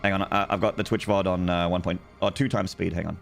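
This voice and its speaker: A man's voice: low-pitched, steady tone, fast talker, gravelly, faint music behind. A young man with a mixed Australian accent, chatting and joking with viewers on a gaming stream. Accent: Australian, with some American. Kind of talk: casual live-stream chat.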